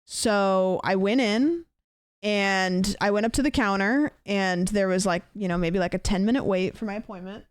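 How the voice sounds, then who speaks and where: Rambling American woman streamer, clear voice. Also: mid-range voice, normal speed. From United States. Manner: rambling storyteller, many fillers and restarts. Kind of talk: casual livestream chat.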